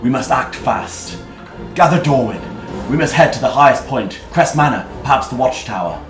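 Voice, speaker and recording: A man's voice: medium pitch, lively intonation, moderate pace, natural voice. A man voicing an urgent distant mentor. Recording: roomy, off-mic, music behind.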